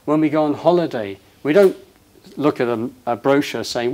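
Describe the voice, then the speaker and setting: A man giving an impassioned, emphatic inspirational talk to an audience, swinging between loud passages and hushed ones. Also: fairly high pitch, animated, moderate pace. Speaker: public speaker.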